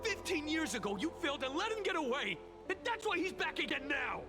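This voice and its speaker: Game role: a furious man berating officials, very high and jumpy. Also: sing-song, a little fast. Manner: shouting accusations, wildly swinging pitch. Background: game music.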